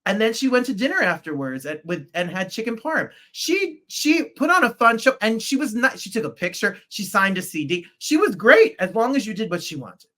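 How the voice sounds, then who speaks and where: A man guesting on a podcast over a video call, telling anecdotes in a dramatic, excitable way. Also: high-pitched, normal speed, hardly any pauses.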